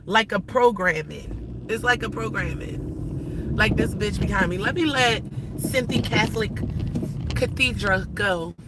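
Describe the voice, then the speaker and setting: A woman ranting bluntly and profanely while driving, her voice moving between loud outbursts and hushed asides. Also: medium pitch. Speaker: live-stream host. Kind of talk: ranting live-stream vlog. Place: inside a car while driving. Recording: steady car and road noise.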